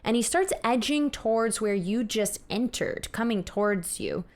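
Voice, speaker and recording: A woman running a tabletop horror game, narrating scenes in a descriptive, unhurried way. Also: a little high, animated. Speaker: game master.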